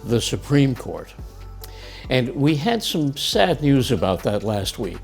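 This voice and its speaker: A man from the United States explains things in an even, plain way, with light chuckles between remarks. His voice sits at a medium pitch. Soft music plays quietly behind. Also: takes it slowly, creaky. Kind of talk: scripted lesson dialogue.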